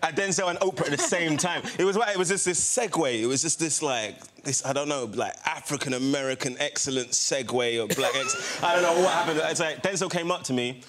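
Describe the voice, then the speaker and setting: A young man telling an excited story as a chat show guest, stumbling and repeating himself. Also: on the high side, fairly quick, hardly any pauses. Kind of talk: excited anecdote. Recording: loud background noise.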